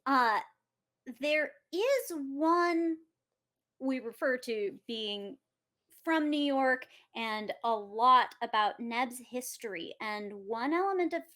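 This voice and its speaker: A woman's voice: high voice, animated, slow pace, a bit bright. A woman hosting a casual interview, playful and teasing with her guest. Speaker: host.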